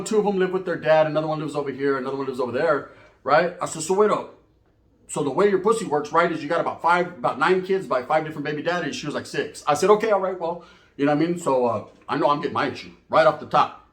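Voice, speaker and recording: A man's voice: fairly high pitch, animated, fast, a bit bright, echoey room. A man telling a profane comic story in a rambling, casual way, switching into voices for the people in it.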